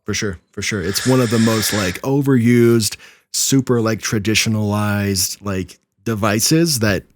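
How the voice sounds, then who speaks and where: A man's voice: lowish voice, measured pace. A man co-hosting a podcast in laid-back, joking casual chat. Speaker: podcast co-host.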